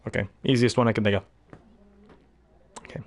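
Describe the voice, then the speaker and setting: A man's voice: on the low side, steady tone, fairly quick, vocal fry. A young man casually chatting between impressions, rambling and hesitant with many fillers. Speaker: hobby voice actor.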